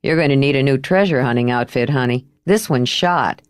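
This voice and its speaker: A calm, wry young man teases in a lowered, dry voice, as a woman narrator puts him on. The recording is dry and close. His storybook lines come out unhurried and amused. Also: clean tone, no room sound.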